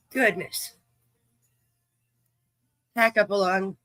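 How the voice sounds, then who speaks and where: A woman's voice: fairly high pitch, sharp tone, no echo, low-quality recording. A woman hosting a live stream card game, chatting with viewers in a folksy, teasing, profane way while coughing and short of breath. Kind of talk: casual chat with viewers.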